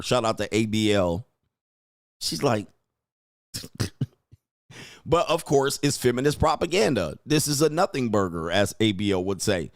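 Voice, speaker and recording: A man's voice: medium pitch, animated, normal speed, no room sound, studio quality. A man hosting a casual reaction commentary show, brash and mocking, laughing often and talking in slang.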